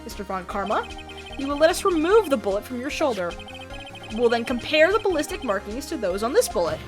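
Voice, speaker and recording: A woman's voice: on the high side, big pitch swings, brisk, over music. A woman voicing a young male defense attorney who argues firmly and methodically. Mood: pressing. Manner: firm, methodical courtroom argument.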